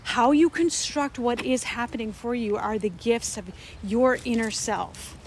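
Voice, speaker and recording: A woman's voice: a little high, a little slow, a little hiss or hum. Emphatic woman, spiritual talk. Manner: earnest, emphatic, repeats phrases for effect. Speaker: co-host. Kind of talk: spiritual discussion.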